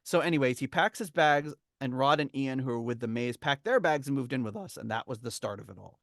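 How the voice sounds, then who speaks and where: A podcast host shares a memoir reading, drifting into rambling, chuckling storytelling in casual conversation. His mid-range voice has lively intonation and a fairly quick pace, captured with clean studio sound and no room sound.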